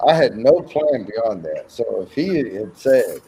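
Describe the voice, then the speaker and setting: A man's voice: on the low side, sing-song, unhurried, hardly any pauses, warm tone, rough recording. A man telling rambling, profane stories in a casual chat and acting out the voices in them. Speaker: co-host.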